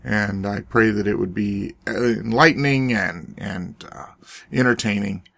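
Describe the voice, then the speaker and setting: A man hosting a Christian talk podcast, his voice hoarse and raspy from cheering, talking in a folksy, earnest way with frequent restarts. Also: fairly low pitch, unhurried, fairly bright tone, no echo, clean studio sound. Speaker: podcast host and preacher. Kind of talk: casual chat.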